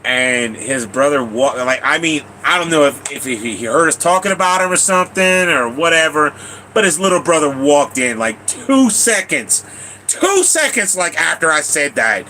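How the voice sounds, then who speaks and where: A man's voice: fairly high pitch, expressive, normal speed, pushed and bright, a little hiss or hum, rough recording. A man live streaming, telling long rambling stories to his chat, repeating himself, laughing and swearing casually.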